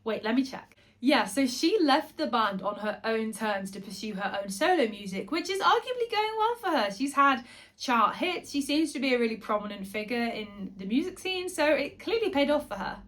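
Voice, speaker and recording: A woman singer and vlogger chatting casually to camera, gossipy and quick with asides and self-corrections. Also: a little high, big pitch swings, fairly bright tone.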